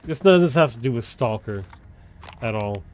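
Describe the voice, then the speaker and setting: A man chatting casually on a gaming livestream. He swears freely and rambles, often breaking off mid-thought to start again, in a mid-pitched voice. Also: expressive, normal speed, a little mellow. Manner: rambling, profane, trails off and restarts often. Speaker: live streamer. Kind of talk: casual chat while gaming on stream.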